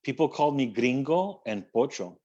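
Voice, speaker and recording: A man with a South Texas accent co-hosts a casual conversation, asking easygoing questions. His voice sits at a middle pitch, and the recording sounds a bit dull and muffled. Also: moderate pace. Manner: relaxed interviewer, short backchannel replies.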